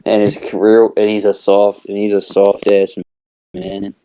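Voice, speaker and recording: Podcast co-host: a man with a mellow, dark voice, joking and foul-mouthed in loose banter. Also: on the low side, completely flat delivery, a little slow, clean tone. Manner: joking, swears freely. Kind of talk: casual chat.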